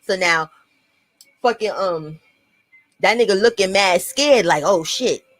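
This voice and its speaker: A woman's voice: mid-range voice, slow pace, a bit bright, dry recording, poor audio. A young woman with a New York accent telling a personal story to camera in a blunt, profane storytime vlog, talking straight to her viewers.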